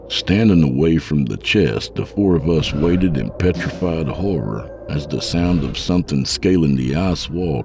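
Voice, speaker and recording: A man narrating a first-person horror story in a measured, descriptive way. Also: rumbling low, gravelly.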